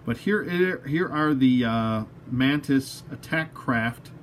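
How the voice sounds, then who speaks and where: A man's voice: medium pitch, lively intonation, slow pace, slight background noise. A man reviewing an action figure as he unboxes it, rambling and self-mocking, talking to the toy as he works.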